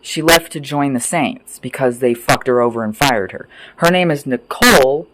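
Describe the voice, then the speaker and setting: A man ranting off the cuff as a vlogger, angry and sweary, rambling between loud outbursts and low mutters. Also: moderate pace, low-quality recording. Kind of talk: profane off-the-cuff rant.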